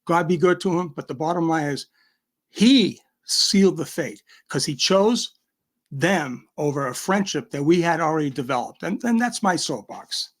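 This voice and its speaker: A man's voice: fairly high pitch, expressive, normal speed. A man with a Boston accent, a guest ranting in bursts on a livestream call. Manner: combative, emphatic, talks in bursts. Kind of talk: heated livestream rant.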